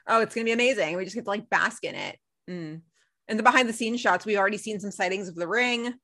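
A young woman co-hosting a casual recap chat, telling the story with lively acted-out quotes. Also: medium pitch, fast. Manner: animated storytelling, acts out quotes. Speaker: podcast co-host.

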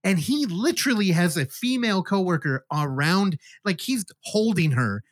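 A man's voice: sits high, lively intonation, moderate pace, dry recording, clean studio sound. A man hosting a podcast, animatedly retelling a movie in casual chat and swearing freely. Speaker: podcast host. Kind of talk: casual film review chat.

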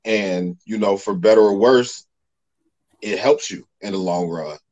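Male podcast host, thirties, lowish voice, blunt and profane, casual talk. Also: measured pace, a little mellow, muffled recording.

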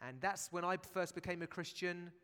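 A man's voice: high-pitched, normal speed, bright, forceful tone, clean tone. A man preaching a sermon in a church, chatty and jokey, with asides to the congregation. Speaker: pastor. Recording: long church reverb.

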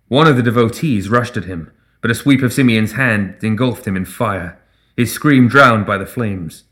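A man reading a fantasy story aloud as narrator in a measured, even way. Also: fairly low pitch. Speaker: audiobook narrator. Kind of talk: scripted narration.

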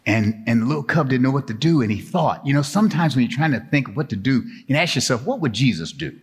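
A man's voice: medium pitch, fast talker, big-room sound. A man preaching a children's sermon, telling a playful animal story and getting the congregation to join in. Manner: playful, animated, draws the crowd in. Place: church sanctuary.

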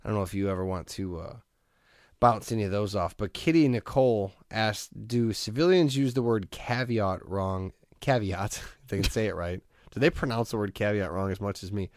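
A man hosting a podcast in casual chat, telling stories in a rambling, animated way and laughing often. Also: fairly low pitch, normal speed, no room sound, studio quality. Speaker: podcast host.

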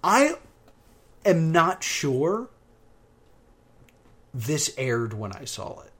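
Slow-talking man recapping a show. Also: a little high. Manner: animated retelling, bursts into loud quoted exclamations. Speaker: podcast co-host. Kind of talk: casual chat recapping a TV show.

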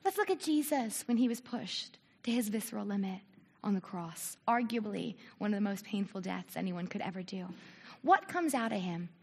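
A woman from the United States preaching a sermon, animated, asking rhetorical questions and acting out quoted voices. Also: mid-range voice, moderate pace, husky. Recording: long reverb of a large hall.

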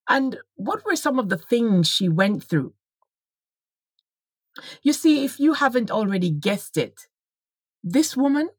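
A woman's voice: medium pitch, breathy edge, no room sound. A middle-aged woman with a Jamaican accent hosting a podcast, chatting personally and reading a story aloud, often repeating her words as she goes. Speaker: podcast host. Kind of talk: casual podcast monologue with a read-aloud story.

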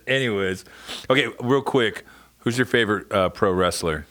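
A man with a very low voice hosts a relaxed interview, tossing in quick reactions and curses. He sits somewhat away from the mic, so he sounds distant. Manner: laid-back, short reactions, swearing. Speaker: podcast host. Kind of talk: casual interview chat.

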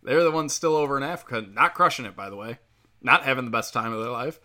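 A man's voice: mid-range voice, lively intonation, quick pace, bright, forceful tone. A man delivering a heated, profane opinion rant, rambling with fillers as he talks.

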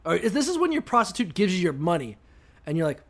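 A man's voice: sits high, quick pace. A man co-hosting a comedy podcast, reading scripture aloud and joking irreverently with plenty of swearing. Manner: profane, joking, animated. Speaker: podcast co-host.

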